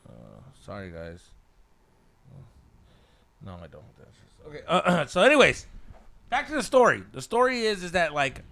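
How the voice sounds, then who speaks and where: His voice sits a little high and creaky, moving at normal speed with frequent pauses. The man, a podcast host, tells a story in relaxed conversation, animated and profane, slipping Spanish slang into his talk.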